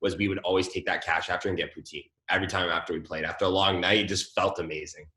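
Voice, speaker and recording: A man talking as an interview guest in a relaxed, laid-back way over a remote call. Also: low-pitched, fast, echoey room. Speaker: guest, music producer. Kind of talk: casual interview chat.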